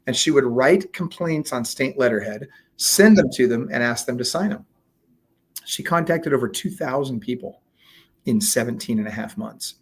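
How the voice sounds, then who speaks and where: A man being interviewed, telling a story in a casual, animated way, acting out quoted dialogue with lots of fillers. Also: medium pitch, moderate pace, husky. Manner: frequent fillers and restarts. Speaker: guest, real estate coach.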